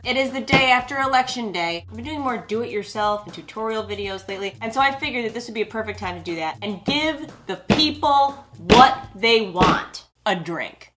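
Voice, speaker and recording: A young woman hosting a comedic cocktail tutorial in a dry, sardonic way, stretching out her punchlines. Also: fairly high pitch. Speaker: video creator.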